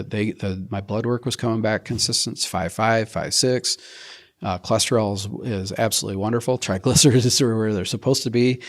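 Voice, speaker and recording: A middle-aged man tells his story in a relaxed interview. His voice sits a little low, and he talks in bursts, restarting sentences and acting out what he and others said. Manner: animated, acts out his own quotes, frequent restarts. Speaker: program member telling his story.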